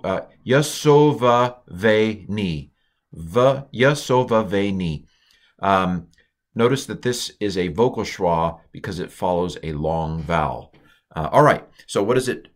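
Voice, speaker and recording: A man with a notably low voice talks through a lesson in a casual, unscripted way. He thinks aloud, fills pauses with "um" and "uh", and restarts sentences. When he sounds out foreign words he slows right down and stretches each syllable. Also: a bit bright. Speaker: Hebrew teacher. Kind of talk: informal recorded language lesson.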